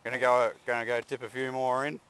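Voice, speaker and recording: A man filming outdoors, teasing and drawling in a relaxed way with frequent chuckles between remarks. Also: mid-range voice, fast talker, clear, resonant tone. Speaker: person filming a street encounter. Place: outdoors by a road, rural. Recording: noisy outdoor camera audio.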